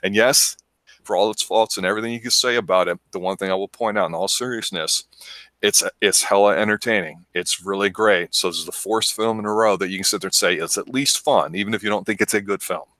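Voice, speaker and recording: A man co-hosting a casual film review chat, rambling with enthusiasm and slipping into quick impressions. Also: lowish voice, steady tone, sharp tone, dry recording. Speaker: movie review show co-host.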